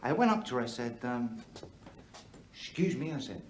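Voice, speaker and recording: A man's medium-pitched, very animated voice comes at normal speed over a noisy crowd, in a lightly acted delivery. He's an actor in a TV drama portraying a brash, crude comedian from Belfast who tells bawdy jokes on stage in a Belfast accent. The echoey club hall is filled with audience laughter.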